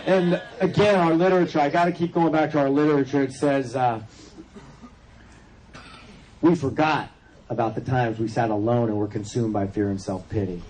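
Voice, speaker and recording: A California man with a mid-range, a little mellow voice and fairly even intonation speaks at a moderate pace at a recovery convention. He tells his personal story loosely and jokingly, with asides to the audience, and the poor audio carries crowd noise and laughter behind him.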